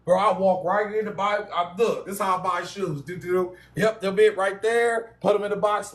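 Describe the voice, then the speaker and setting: A man hosting a livestream, talking in a blunt, profane, animated rant. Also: sits high, moderate pace. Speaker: livestream host. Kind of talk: casual ranting livestream.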